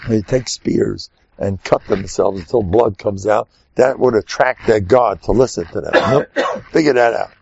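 A man's voice: fairly low pitch, lively intonation, moderate pace, creaky, a little mellow, no room sound. A man giving an informal, joking religious talk full of personal stories and Yiddish and Hebrew terms, in a dull lo-fi recording. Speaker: religious speaker.

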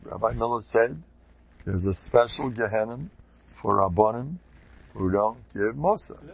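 Gravelly, husky man giving a rambling Torah talk. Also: fairly low pitch, unhurried. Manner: animated, digressive, chuckling asides. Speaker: religious lecturer. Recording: dull lo-fi recording.

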